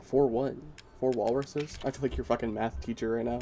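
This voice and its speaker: A young man riffs casually while streaming a game, full of crude jokes and constant swearing. His voice is mellow and relaxed, set at an everyday middle pitch, and he keeps poking fun at himself. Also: fairly quick, creaky, hardly any pauses, slight background noise. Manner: crude, joking, swears often; self-mocking, giggly banter. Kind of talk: casual gaming commentary.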